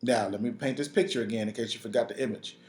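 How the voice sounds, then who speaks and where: A man in his thirties from Chicago, a pastor telling a story in an animated sermon at a conference. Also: medium pitch, fast talker. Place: conference stage. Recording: roomy hall sound.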